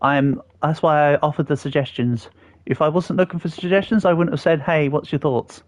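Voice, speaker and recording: A slightly high, brisk male voice comes through a dry recording. He's an English livestreamer in his thirties, casually answering viewer comments as he works on a build.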